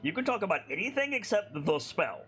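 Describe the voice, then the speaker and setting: A man chatting casually as a player in a tabletop game, quick and full of fillers. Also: sits high, sing-song, a bit bright, faint music behind.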